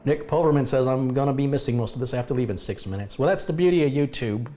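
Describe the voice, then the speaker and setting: Talking fast in a medium-pitched, dark-toned voice, a middle-aged American hosts a live tech review stream. He greets viewers by name as he chats and slips in wry asides.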